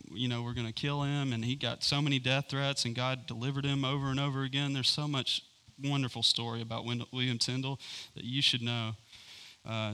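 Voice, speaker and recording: A man's voice: medium pitch, sharp tone. A man giving informal, enthusiastic Bible teaching, rambling with many fillers and restarts.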